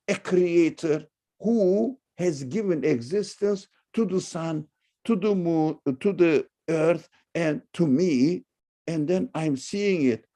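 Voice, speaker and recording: A man delivers a religious lecture online and takes questions, speaking emphatically with loud, high-pitched bursts. His phrasing is halting and non-native, and there is vocal fry in his voice.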